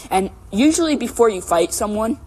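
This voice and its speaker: A woman's voice: on the high side, normal speed. Chatty young woman telling a story. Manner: animated, rambling, full of "like" and "right?". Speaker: podcast co-host. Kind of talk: casual storytelling chat.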